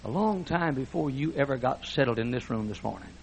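A man preaching a fiery church sermon, swinging between shouted lines and hushed speech with emphatic repetition. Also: medium pitch, expressive, a little fast, creaky, a little hiss or hum, poor audio. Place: church sanctuary before a congregation.

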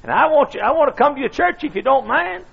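A man puts on a squeaky old preacher in his seventies, frail and stooped, whose voice climbs high and wobbles. He stammers and repeats himself, eager and humble. The sermon recording sounds slightly muffled. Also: lively intonation, quick pace, gravelly, exaggerated voice. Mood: earnest, stammering.

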